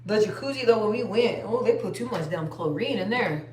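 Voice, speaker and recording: A woman's voice: mid-range voice, lively intonation, fairly quick, a little mellow, a little hiss or hum. A young woman chatting casually on a phone live stream, rambling and trailing off. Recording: roomy echo.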